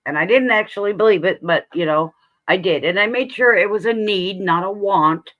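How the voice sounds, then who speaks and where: Woman, livestream host, earnest chatty tone, bright forceful voice, medium pitch. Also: moderate pace, muffled recording. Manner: earnest, sharing personal faith, breaks into laughs. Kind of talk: casual chat on a livestream.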